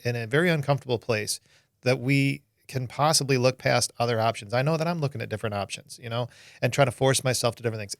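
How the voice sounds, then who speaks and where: A man co-hosting a casual conversation, earnest and halting, with frequent restarts. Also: mid-range voice, dry recording, clean studio sound. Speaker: co-host.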